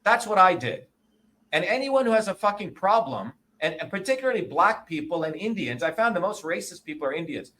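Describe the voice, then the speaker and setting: A man in his sixties, a guest in an interview, talking in a combative, profane and emphatic way, often pausing to ask "okay?" or "you see?". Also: high-pitched, sing-song, bright, forceful tone. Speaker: interview guest, presidential candidate.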